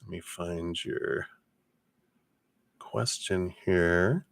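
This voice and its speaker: Male tarot reader, very low voice, dry close sound, easygoing chatty delivery. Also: drawn-out words, creaky, dry recording. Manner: relaxed, chatty, many fillers. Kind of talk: live-stream tarot reading.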